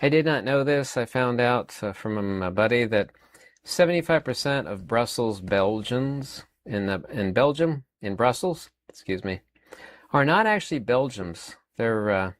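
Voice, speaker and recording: A man in his fifties holds forth in a rambling opinion monologue, stumbling over repeated words and fillers as he presses his points. His voice sits at an ordinary middle pitch. The sound is dry and close, with no room around it. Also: lively intonation, a little slow, no room sound. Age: 50s. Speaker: channel host.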